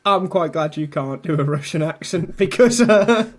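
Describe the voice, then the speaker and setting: High-voiced man, teasing podcast host. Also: lively intonation, moderate pace, slight background noise. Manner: teasing, laughs a lot, swears casually. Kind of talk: casual banter.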